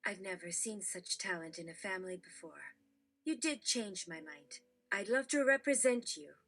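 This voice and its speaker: A woman's voice: mid-range voice, expressive, moderate pace, fairly bright tone. A woman voicing a skeptical male talent agent who speaks in a dry, businesslike way.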